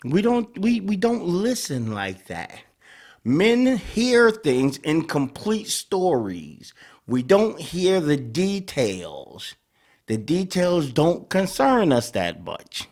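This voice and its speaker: Animated man host, lively pitch. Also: slow pace. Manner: animated, acts out dialogues. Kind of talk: casual commentary.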